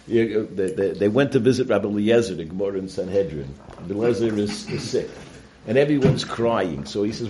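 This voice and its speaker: A man giving an informal Torah talk, halting and restarting often and mixing in Hebrew and Yiddish terms. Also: on the low side, animated, noisy background. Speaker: Torah teacher.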